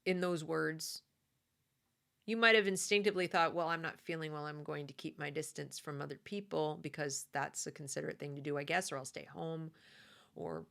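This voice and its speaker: A lower-pitched American woman with a gravelly edge to her voice, talking straight to her viewers. She speaks casually and with firm opinions, stumbling into fillers and restarts as she goes. She sounds like someone thinking out loud at home. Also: normal speed. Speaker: commentary host.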